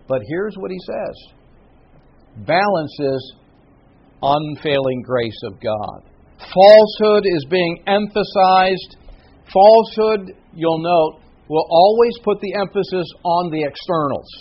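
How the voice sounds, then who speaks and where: A male pastor with a high voice preaches a sermon, swinging between emphatic, forceful declarations and hushed asides. He keeps asking his listeners rhetorical questions. The sound is dull and lo-fi. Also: lively intonation, slow, husky. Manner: asks the congregation rhetorical questions.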